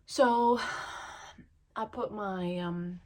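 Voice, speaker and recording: A woman vlogging casually at her dressing table, out of breath and coughing from illness, talking in a halting way with many pauses and fillers. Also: medium pitch, dark tone. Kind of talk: casual vlog chat.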